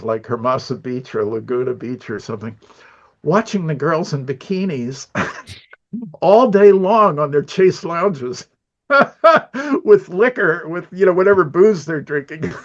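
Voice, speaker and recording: On lo-fi audio, an older man who works as an animator chats as an interview guest, rambling through stories and chuckling a lot. His voice sits a little high and is expressive, with a measured pace.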